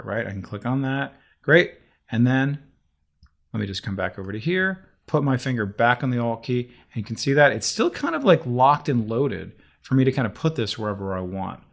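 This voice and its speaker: A man walks through a software tutorial as he works, chatty and animated and thinking out loud. His pitch jumps around a lot, and his voice has a gravelly texture. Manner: chatty and animated, talks himself through each step. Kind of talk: screen-recorded software tutorial.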